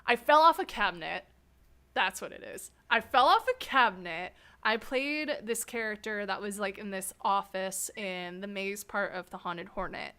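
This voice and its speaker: A woman hosting an interview, telling rambling anecdotes in a casual, animated way and laughing often. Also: mid-range voice, moderate pace, clean tone. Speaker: host interviewing a fellow scare actor. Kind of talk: casual storytelling chat.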